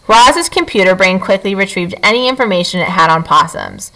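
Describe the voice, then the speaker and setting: A woman's voice: medium pitch, brisk, few pauses, rough recording. A woman reading a chapter book aloud as a teacher, telling the story expressively. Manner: expressive, animated.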